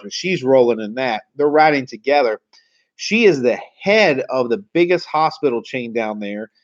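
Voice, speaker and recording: A man spins car lot stories in a loose, animated, slangy style. His pitch sits in an ordinary middle range. The recording is a little dull and lo-fi. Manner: animated, slangy, acts out quoted voices. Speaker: car sales trainer. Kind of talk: casual storytelling. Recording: slightly dull lo-fi audio.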